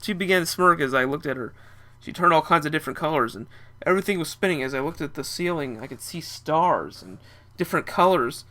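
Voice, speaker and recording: A man's voice: fairly high pitch, animated, fairly quick, bright, forceful tone. A young man narrating a first-person story in a casual, chatty way.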